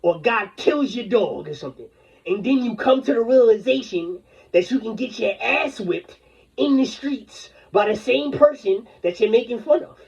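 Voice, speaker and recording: A man's voice: very high voice, lively intonation, normal speed, vocal fry, a little mellow, slightly rough. A man delivering an angry, rambling, confrontational rant full of profanity. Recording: dull lo-fi recording.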